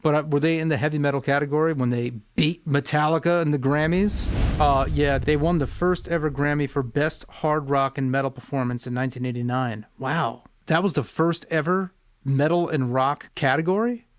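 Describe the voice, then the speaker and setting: A man's voice: fairly high pitch, steady tone, normal speed, clean tone, dry recording, clean studio sound. A man hosting a music reaction video as a vocal coach, talking casually, thoughtful and a bit rambling.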